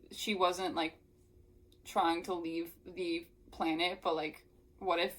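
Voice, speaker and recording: A woman's voice: on the low side, low-quality recording. Sarcastic young woman reading and ranting. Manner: sarcastic, exasperated asides full of "like". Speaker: book reviewer. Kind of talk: reading aloud with sarcastic commentary.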